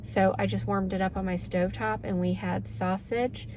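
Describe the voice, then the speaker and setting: A woman's voice: mid-range voice, level tone, normal speed, darkish tone, a little hiss or hum. A middle-aged woman vlogging in a casual, earnest, heartfelt way to her viewers. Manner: earnest, heartfelt, emotional at moments. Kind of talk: casual talk to camera.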